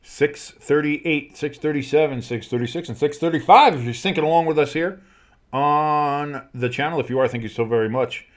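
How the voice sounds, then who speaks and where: A man hosting a fan stream, calling football play-by-play with crude asides and loud bursts on big plays. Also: a little high, normal speed. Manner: excitable, crude jokes, shouts on big plays. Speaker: play-by-play host.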